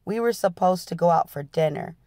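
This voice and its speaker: A woman's voice: fairly low pitch, animated, brisk, warm tone, no echo, studio quality. A woman hosting her channel, reading a memoir aloud in an earnest storytelling style. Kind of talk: dramatic audiobook-style reading.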